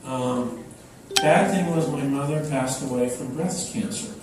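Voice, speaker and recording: An older man giving an unhurried, anecdotal talk to an audience, with many fillers, recorded from afar in a large echoey hall. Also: mid-range voice, far from the mic, noisy background. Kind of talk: public talk. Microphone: microphone, then unamplified.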